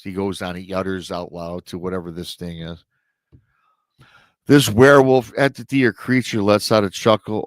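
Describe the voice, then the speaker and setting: A man's voice: on the low side, steady tone, normal speed, clear, resonant tone, no echo. A man hosting a show, casually retelling a listener's true encounter story with rambling asides to his audience. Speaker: host and storyteller.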